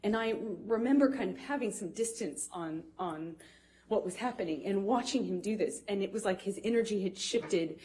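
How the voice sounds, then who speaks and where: A woman giving courtroom testimony, halting and emotional, with frequent fillers and restarts. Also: medium pitch, warm tone, slightly rough. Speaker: witness testifying.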